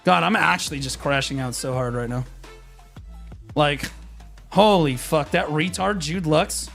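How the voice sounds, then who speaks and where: A man's voice: a little high, unhurried, gravelly, a bit bright, faint music behind. A young man streaming a game, ranting in a frustrated, profane, rambling way with many restarts. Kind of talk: live-stream rant.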